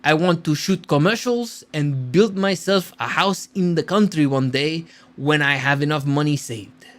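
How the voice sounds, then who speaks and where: A man's voice: fairly high pitch, unhurried, fairly bright tone. A man voicing a tired, disillusioned French-speaking filmmaker in a put-on French accent, with a heavy, mock-somber delivery. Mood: weary.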